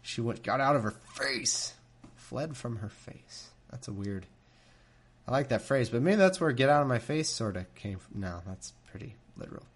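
A man reads scripture into a desk microphone but keeps breaking off for sardonic, laughing, mocking asides, turning it into irreverent commentary. His voice is medium-pitched, animated, slightly rough, and at normal speed.

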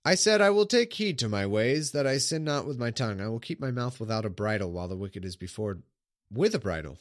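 A man's voice: mid-range voice, expressive, a little fast, no room sound, clean studio sound. A man reads old scripture aloud in a casual way and breaks off into irreverent, sarcastic remarks. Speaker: Bible reader. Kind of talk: casual reading aloud with commentary.

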